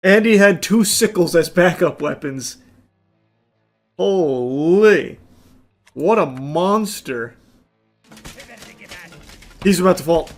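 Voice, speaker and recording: A man hosting an online video, giving a dry film review and loud gameplay commentary. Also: sits high, slow pace, pauses often, faint music behind. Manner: dry, flat delivery that breaks into loud excited yelling.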